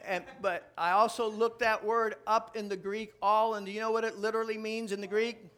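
A man with a high, light voice preaches to a congregation. He delivers a joking, animated sermon that swings into loud bursts of emphasis. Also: a little fast, clean tone. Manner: jokey, animated preaching with sudden loud outbursts. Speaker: pastor. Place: church before a live congregation.

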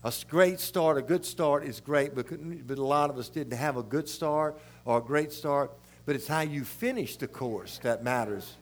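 Folksy older South Louisiana preacher. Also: male voice, mid-range voice, normal speed. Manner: rambling, folksy, animated. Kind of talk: sermon with folksy storytelling.

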